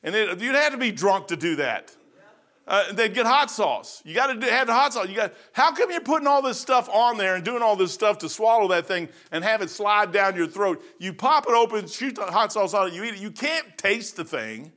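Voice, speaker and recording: A man's voice: sits high, expressive, normal speed, bright, forceful tone. A man in his sixties preaching an informal sermon in a folksy, rambling way with joking asides. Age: 60s.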